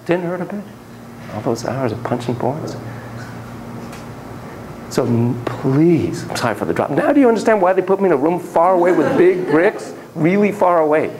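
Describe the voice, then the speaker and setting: A man giving an animated classroom lecture on parenting, theatrical and jokey, acting out quotes. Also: a little high, normal speed, noisy background. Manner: theatrical, acts out quotes and monkey shrieks, jokey asides.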